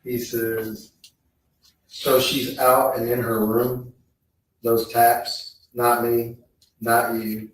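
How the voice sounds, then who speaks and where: Slow, flat-voiced man reading in court. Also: medium pitch. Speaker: trial witness. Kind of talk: reading text messages aloud in court. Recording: echoey courtroom feed, distant mic.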